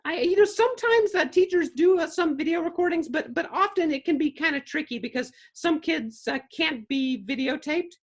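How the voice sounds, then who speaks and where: A bubbly, giggly dragon puppet, voiced by a man in a high, bright voice. He chats with guests in a playful, upbeat way and loves telling stories. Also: animated, normal speed, few pauses. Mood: cheerful. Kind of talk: puppet character interview.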